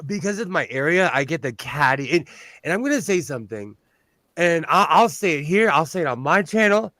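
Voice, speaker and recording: A man's voice: on the high side, animated, brisk, sharp tone, no echo. A man chatting casually on a show, blunt and talkative with a self-deprecating streak. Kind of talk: casual chat. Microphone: on-camera mic.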